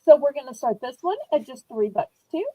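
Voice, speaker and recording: A woman hosting a live online auction from home, chatty and rambling, teasing herself as she pitches items. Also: animated, fairly quick, dark tone, no room sound, rough recording. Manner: bubbly, rambling, self-teasing. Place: indoors at home.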